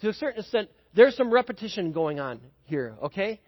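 High-voiced husky male preacher. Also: very animated, a little fast. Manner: conversational, asks the congregation questions. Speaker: pastor. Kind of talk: sermon with personal story. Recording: dull sound with long hall reverb.

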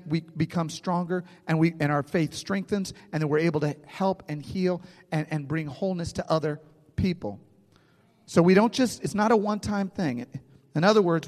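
Higher-voiced man preaching with reverb. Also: moderate pace, a little mellow. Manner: conversational preaching with frequent restarts, checks in with listeners. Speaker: pastor. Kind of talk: sermon.

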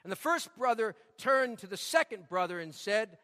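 A man's voice: sits high, animated, normal speed, sharp tone, big-room sound. A man preaching a sermon, telling stories and repeating key lines for emphasis. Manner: storytelling with emphatic repetition. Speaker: pastor.

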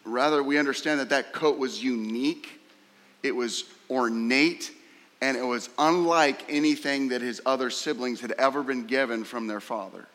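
A male preacher delivering a sermon in a church sanctuary, his voice carrying a long hall reverb. He talks at a mid pitch and leans on rhetorical questions, now and then leaping upward in mock scorn. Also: normal speed, a bit bright. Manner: emphatic, rhetorical questions, voice rising sharply when acting out the brothers' scorn.

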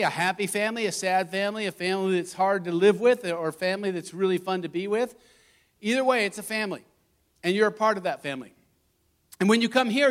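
Lead pastor, man, middle-aged; lively storytelling sermon delivery, laughs easily, higher-pitched voice. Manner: animated, laughing, acting out stories.

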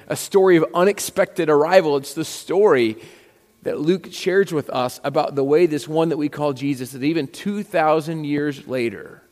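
Storytelling pastor in a big hall. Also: male voice, fairly high pitch, a little mellow. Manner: conversational storytelling with quoted dialogue. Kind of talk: sermon. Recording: long hall reverb.

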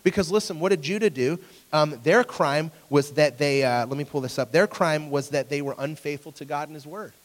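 A man's voice: fairly high pitch, brisk. A man in his thirties preaching a conversational sermon, asking his listeners questions and acting out voices in his stories. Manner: conversational, asks the audience questions; acts out voices in anecdotes. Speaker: pastor. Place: church hall with an audience. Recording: long reverb of a hall.

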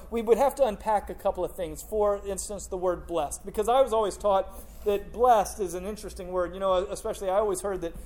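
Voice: medium pitch, a little mellow. A pastor preaching a sermon to a congregation in a loose, conversational way, telling a humorous story before turning to scripture. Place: church in front of a congregation.

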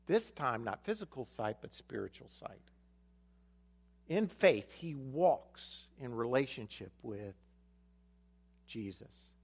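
A man delivers a sermon, retelling a scripture story and voicing its characters. His voice sits a little high and moves through a wide, animated range. He repeats key lines for emphasis. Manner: storytelling, acts out the dialogue of a Bible story. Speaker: pastor.

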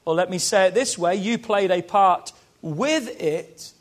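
A man's voice: high-pitched, a little slow. A British man preaching as a pastor, rousing and calling on the congregation to repeat lines after him. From Britain. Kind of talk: sermon.

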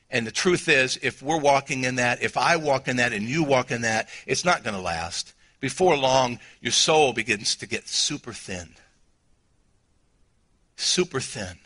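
A middle-aged man with a Southern US accent preaching a sermon as pastor, emotional, swinging from quiet, low passages to near shouting. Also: breathy edge.

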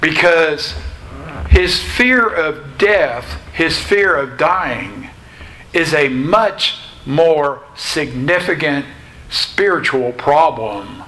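Slow, bright-voiced preaching man. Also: fairly high pitch, animated, low-quality recording. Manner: slow, deliberate preaching with pauses. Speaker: pastor. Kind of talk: sermon.

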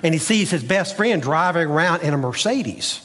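A man's voice: a little high, lively intonation, moderate pace, fairly bright tone, in a large hall. A man preaching a sermon as pastor, with an emphatic, repetitive preaching cadence, recorded in a church sanctuary.

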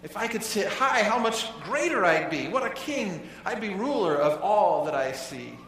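A man's voice: high-pitched, very animated, moderate pace, a bit bright, slight background noise, heavily acted. A man voicing a vain, boastful male turtle king in a storybook reading, heard from a distance in an echoey hall. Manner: proud, grandiose, proclaiming.

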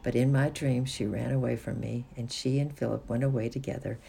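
Someone reading a children's storybook aloud in a gentle, steady manner. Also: mid-range voice, brisk, vocal fry, slight background noise. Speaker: reader.

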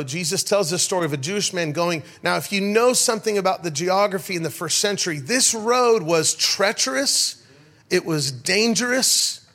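Middle-aged preacher guy, kinda high voice, lively storytelling, keeps calling out to the room. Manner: animated storyteller, rhetorical calls to the crowd. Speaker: pastor. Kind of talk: sermon with storytelling.

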